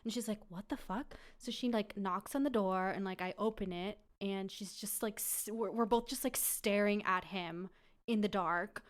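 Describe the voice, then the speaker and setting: A young woman casually telling a story on a podcast, laughing and acting out quotes loudly. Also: mid-range voice, moderate pace. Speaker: podcast guest and producer.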